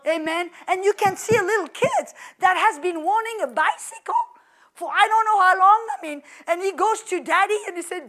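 High-voiced, animated woman preacher. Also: moderate pace. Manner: animated and exclamatory, many fillers. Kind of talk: sermon.

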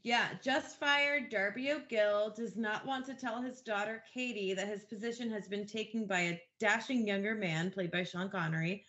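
A woman's voice: medium pitch, moderate pace, hardly any pauses, fairly bright tone, muffled recording. A woman co-hosting a casual movie podcast. She recaps a film's plot and chuckles between lines. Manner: reads plot summaries, chuckles mid-sentence. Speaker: podcast co-host.

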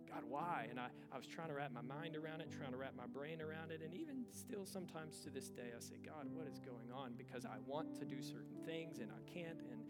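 A man's voice: a little high, expressive, normal speed, over loud music. A man pastor preaching a sermon to a church, talking earnestly and conversationally and rising to intense swells. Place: church service.

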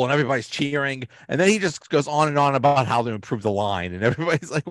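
A man at middle pitch talks through sitcom episodes in a loose, rambling way. He restarts his sentences often and chuckles as he goes. The sound is dry and close, with no room echo. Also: animated, quick pace, few pauses, a bit bright. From Pittsburgh area, US. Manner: rambling, with many restarts and chuckles, briefly mimicking characters. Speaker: podcast host. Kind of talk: casual recap and ranking of sitcom episodes.

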